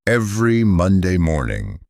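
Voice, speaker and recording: A man gently narrating a slow graded-reader English lesson, calm and deliberate, pausing for repeat-after-me drills. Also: low-pitched, no echo, studio quality. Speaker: English teacher.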